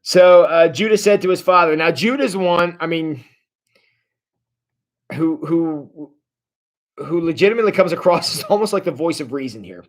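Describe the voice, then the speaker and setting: A man with a high-pitched voice leads a livestreamed Bible study for his church. His delivery is casual and wry, full of restarts and chuckles as he comments on the text. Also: animated, normal speed, pauses often.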